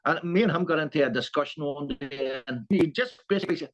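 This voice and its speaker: A man's voice: on the high side, fast, dull audio. A man in casual conversation who rambles and restarts his sentences often. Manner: rambling, many restarts and stammers. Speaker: co-host. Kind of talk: casual chat.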